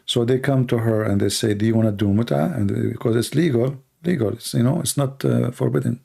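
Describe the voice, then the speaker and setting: A man answers viewers' questions on a casual live stream. His voice is dark, gravelly and worn hoarse. He talks bluntly, with sarcasm and a run of rhetorical questions. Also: medium pitch, brisk. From Middle East. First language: Arabic. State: hoarse, tired voice. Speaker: Christian apologist, host answering questions.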